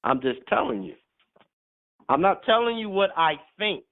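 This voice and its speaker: A man delivers a sermon with emphatic, teasing force, breaking into laughs as he drives points home. His voice sits high. The sound is thin and tinny, like a phone line. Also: big pitch swings, normal speed. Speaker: preacher. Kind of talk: sermon teaching.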